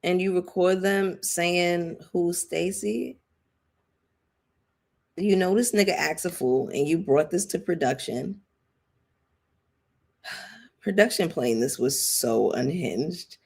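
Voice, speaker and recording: Blunt, lower-pitched woman chatting to viewers. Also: slow pace, darkish tone. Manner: chatty, emphatic, addresses viewers as y'all and girl. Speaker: reality TV commentator. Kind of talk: casual live-stream commentary.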